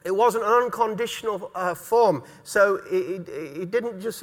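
Middle-aged northeast pastor preaching, high-pitched and earnest, big echoey church hall. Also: male voice, unhurried, fairly bright tone. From North East England. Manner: earnest, repeats key words for emphasis. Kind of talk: sermon.

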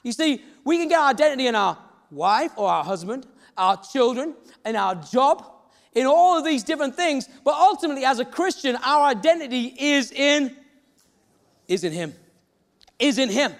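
A man preaches a sermon in storytelling fashion, slipping into the voices of the people he describes. His voice sits very high for a man. The sound carries a long reverb from a big hall. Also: expressive, moderate pace. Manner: storytelling, acts out quoted voices. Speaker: pastor.

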